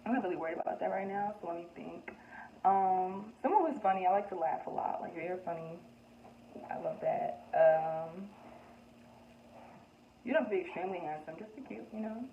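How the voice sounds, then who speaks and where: A woman's voice: fairly low pitch, normal speed, pauses often. A young woman vlogger chatting candidly through get-to-know-me questions, with lots of "like" and "um" and frequent laughs. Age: young adult. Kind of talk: casual chat. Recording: echoey room, tinny phone-like sound, faint background noise.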